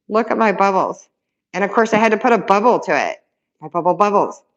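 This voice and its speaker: A woman showing off her handmade resin keychains in a casual, excitable, rambling vlog, repeating words for emphasis. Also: medium pitch, brisk, lo-fi sound. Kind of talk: casual show-and-tell vlog.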